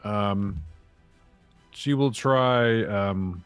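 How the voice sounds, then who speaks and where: A man with a fairly low voice plays a tabletop game, talking through his character's actions. His banter is crude and joking. Faint music runs behind him. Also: very slow, clear, resonant tone, no echo. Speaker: player. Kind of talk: tabletop game play chat.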